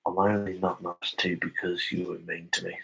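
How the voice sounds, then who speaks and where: A man's voice: sits low, level tone, fairly quick, gravelly, a bit bright, breathy edge, poor audio. A young Australian man on a casual live stream, reading viewer comments aloud and answering them.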